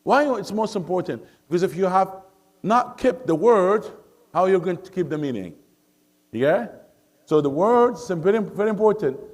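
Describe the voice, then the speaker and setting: A man teaching a Quran study circle in a mosque classroom, his voice sitting a little high. He moves between English and Arabic and checks in with the class through constant questions. Now and then he recites verses in a melodic chant.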